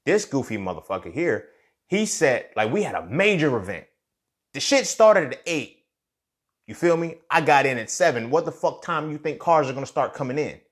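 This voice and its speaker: Brisk and expressive at medium pitch, this young podcast host gives a casual motivational monologue built around a story. He curses freely and frequently checks in with "you feel me."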